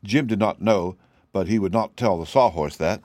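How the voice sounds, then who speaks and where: Storybook narrator: man, lowish voice, dry close sound, steady. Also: moderate pace, dry recording. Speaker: audiobook reader. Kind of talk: scripted narration.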